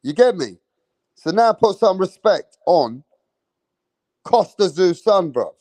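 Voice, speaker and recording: A cocky man runs a casual boxing live stream, swearing freely and calling out his viewers. His voice sits a little high for a man. The sound is close and dry with no room echo. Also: sing-song, slow pace, darkish tone. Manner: boastful, brash and profane, addressing the chat. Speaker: boxing channel host.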